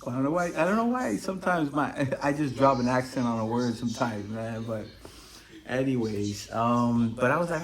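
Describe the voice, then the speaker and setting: A man's voice: medium pitch, fast talker. A man hosting his own podcast, telling stories in a casual, rambling way full of swearing. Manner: profane, rambling storyteller. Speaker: podcast host. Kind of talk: casual solo monologue.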